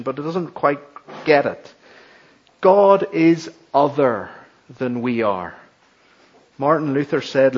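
Male pastor, sermon delivery, unhurried and emphatic, slightly high voice, muffled lo-fi audio. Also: a little mellow. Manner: slow, emphatic preaching with dramatic repetition. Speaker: preacher.

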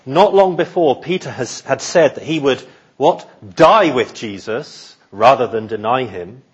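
A man delivers an expository sermon in an earnest, measured manner, restarting phrases as he works through his point. His voice is somewhat husky and of middle pitch. The recording sounds a little dull and lo-fi. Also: animated. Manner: measured, earnest, repeats words while thinking. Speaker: preacher.

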